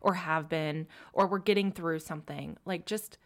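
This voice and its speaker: A woman's voice: low voice, steady tone, normal speed. A young woman, an ICU nurse co-hosting a podcast, telling a heartfelt story in casual chat and dropping to a whisper for quoted words.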